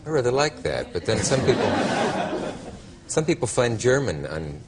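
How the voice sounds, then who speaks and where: A man's voice: medium pitch, sing-song, unhurried, heavy background noise. A man hosting a talk show, asking questions in a wry, teasing way.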